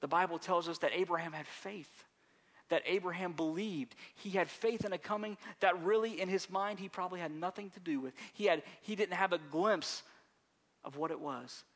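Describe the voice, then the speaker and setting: A man preaches a Sunday sermon with a slightly high voice. He talks conversationally, repeating phrases and restarting sentences. His delivery swings between hushed, gentle stretches and raised, pleading emphasis. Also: normal speed. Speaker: pastor. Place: church service.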